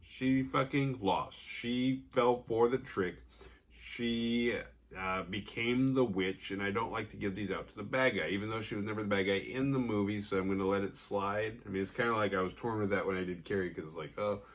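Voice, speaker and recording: A man's voice: fairly low pitch, normal speed. A man hosting a horror movie podcast, casually recapping the plot with profanity and sarcasm and acting out the characters' lines.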